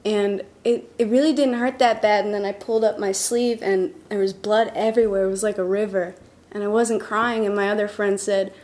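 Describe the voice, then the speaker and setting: A woman's voice: mid-range voice, normal speed. A woman casually telling a personal childhood story, chatty with fillers. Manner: chatty, with fillers and small laughs.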